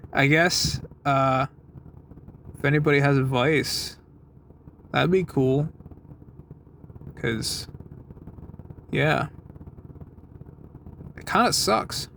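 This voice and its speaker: A man's voice: mid-range voice, vocal fry, a bit bright, slight background noise. A young man rambling through a casual, self-deprecating vlog from his car, recorded on a phone. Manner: rambling, self-deprecating, lots of fillers and swearing. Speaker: vlogger. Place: parked car.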